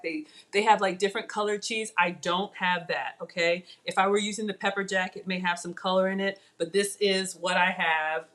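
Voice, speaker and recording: A woman's voice: mid-range voice, a bit bright. A woman hosting a live cooking demo, chatting to her viewers while she cooks in a playful, self-teasing way. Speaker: cooking livestream host.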